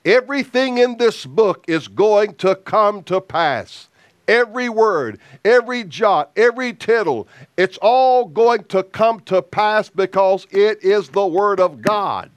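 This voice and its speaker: A man preaching a sermon as an evangelist, slow and emphatic with deliberate pauses. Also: high-pitched, animated, no room sound.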